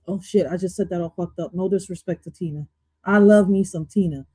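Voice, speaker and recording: A woman hosting a livestream, reacting to an interview clip in loud, profane, jumpy casual commentary that swings between jokes and asides. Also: on the low side, fairly quick, breathy edge, no echo, poor audio.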